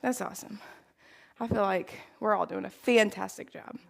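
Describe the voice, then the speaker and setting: A woman's voice: medium pitch, moderate pace, gravelly, rough recording. Upbeat, encouraging woman fitness instructor. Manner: upbeat, encouraging, laughs often. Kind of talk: live workout instruction.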